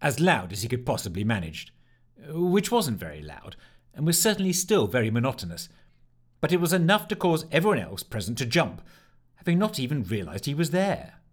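A man narrating a storybook with an expressive, animated reading. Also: medium pitch, a little fast.

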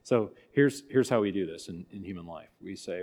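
A man's voice: low-pitched, moderate pace, hardly any pauses, a little mellow. A man teaching a church catechism class in a folksy, conversational way, acting out little asides. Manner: folksy, conversational, with many restarts and acted asides. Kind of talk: casual catechism class talk.

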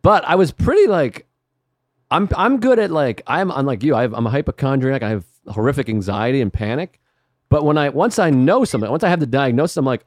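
A man's voice: fairly high pitch, sing-song, dry recording, studio quality. A man, a comedian guest, telling rambling stories in casual podcast chat, full of "like" and restarts. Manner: rapid, rambling storytelling with frequent "like".

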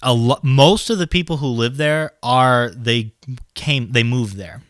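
A man's voice: medium pitch, measured pace, a bit bright, no echo. A man co-hosting a casual podcast, telling a travel story in a laid-back way with dry, teasing humor. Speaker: podcast co-host.

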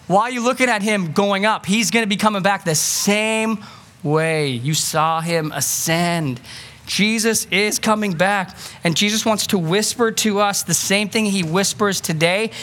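A man preaching a sermon as pastor, earnest and pleading, moving from quick asides to slow, emphatic lines. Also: sits high, a bit bright. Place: church sanctuary.

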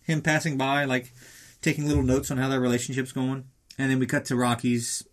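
A man's voice: mid-range voice, flat delivery, brisk. Man, casual film recap, rambling, sarcastic, swears a lot, mid-range voice.

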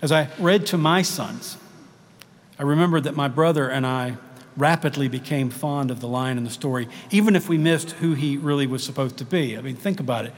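A man's voice: medium pitch, a little fast. A middle-aged man preaching a sermon as pastor, in a reflective, personal storytelling manner. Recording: long reverb of a church hall.

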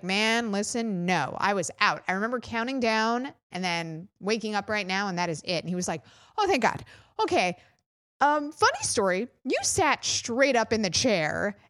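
A woman's voice: medium pitch, a bit bright, no echo, studio quality. A woman co-hosting a podcast, telling a long candid story in a rambling, casual way. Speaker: podcast co-host. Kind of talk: casual chat.

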